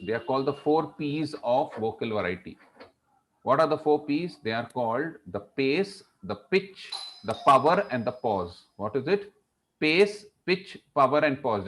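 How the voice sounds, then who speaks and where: A man teaching public speaking in an online class over a video call, using strongly varied emphasis and dramatic pauses. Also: mid-range voice, fairly bright tone, slight background noise. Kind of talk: online class lecture with storytelling.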